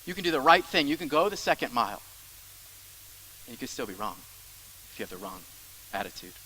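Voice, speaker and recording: A young adult man preaching a sermon as pastor, emphatic, repeating phrases and dropping into soft asides. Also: medium pitch, big pitch swings, a little fast, slight background noise, low-quality recording.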